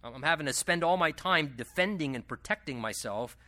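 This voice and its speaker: A male pastor teaching verse by verse through a Bible passage in a conversational, animated way, with asides and quick self-corrections. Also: on the high side.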